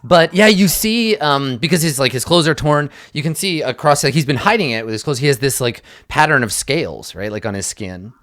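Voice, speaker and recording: A male game master narrates a tabletop game at a middle pitch in a dry, close sound. He describes each scene loosely and leans on fillers as he thinks aloud. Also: expressive, brisk, few pauses, a bit bright, dry recording.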